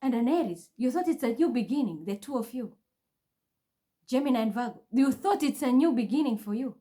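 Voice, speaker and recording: Here the voice is a little high and dark-toned, with lively intonation and a fairly quick delivery. It belongs to a woman who reads spiritual messages and vlogs from home, ranting agitatedly to camera in a repetitive, accusing way.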